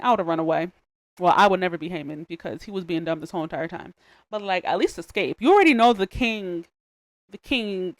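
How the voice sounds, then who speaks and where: A young adult woman hosting a podcast, retelling a Bible story in a casual, animated, slangy way with joking asides. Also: medium pitch, dry recording. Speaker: podcast host.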